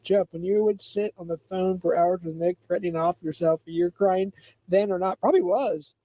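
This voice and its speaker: Livestream host, male, mellow timbre, gossips and mocks, repeats lines. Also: sits high, moderate pace, poor audio. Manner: mocking, gossipy, repeats himself. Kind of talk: casual livestream chat.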